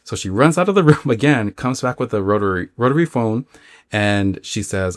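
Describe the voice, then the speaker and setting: A man with a low voice hosts a spooky podcast, retelling a listener's dream story in a loose, chatty way. He rambles and leans on fillers, and the recording is close and dry. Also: animated, normal speed, dry recording. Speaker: podcast host.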